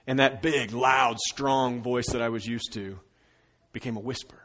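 A middle-aged male pastor delivering a sermon at a middling pitch. He moves from strong, raised lines into soft, drawn-out ones and back again. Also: little pitch movement. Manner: shifts between loud emphasis and hushed, slowed phrases.

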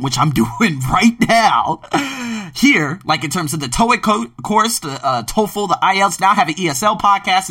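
Male podcast host, emphatic and swearing casually, lively pitch, dry sound. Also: dry recording, distant mic. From Philadelphia, US. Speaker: podcast host and ESL teacher. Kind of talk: casual monologue.

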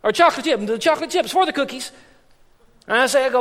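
High-pitched male pastor, lively storytelling sermon, long church-hall reverb. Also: fast talker. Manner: animated, storytelling with frequent restarts and repetitions.

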